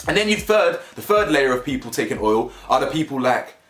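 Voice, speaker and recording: A man's voice: medium pitch, sing-song, a little fast, a bit bright, faint music behind. Ranting young London man, echoey room. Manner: rambling, slangy, emphatic with repeated phrases. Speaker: vlogger. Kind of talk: opinionated rant to camera.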